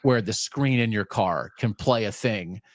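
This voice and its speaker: A man co-hosting a sports talk podcast, chatting casually and telling rambling, animated stories. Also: on the low side, unhurried, no echo, studio quality. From US Mid-Atlantic region. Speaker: podcast co-host. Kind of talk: casual chat.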